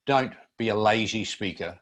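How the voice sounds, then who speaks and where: Measured older male teacher. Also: lowish voice, a bit bright. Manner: measured, instructive. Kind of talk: seminar presentation.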